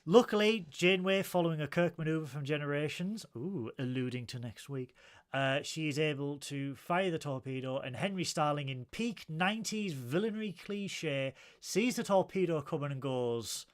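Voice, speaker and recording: A man's voice: fairly high pitch, normal speed. A man with a Northern English accent co-hosting a casual review podcast, recapping the plot at length with plenty of ums and uhs. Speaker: podcast co-host.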